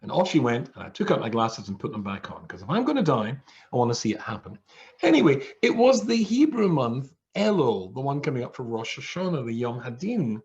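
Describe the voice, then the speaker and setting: A man's voice: mid-range voice, very animated, a little fast, a little mellow. Rabbi guy doing a funny story over a video call, voice jumps all over, bit muffled. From England. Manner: comic storytelling, acting out quoted voices. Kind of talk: humorous storytelling talk. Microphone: video call mic.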